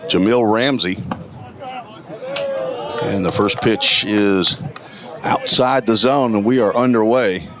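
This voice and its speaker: A man with a gravelly morning voice calling college baseball play-by-play, reading stats in a steady, detailed way. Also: lowish voice, slow, long pauses, a crowd in the background. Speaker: play-by-play announcer. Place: outdoor college ballpark.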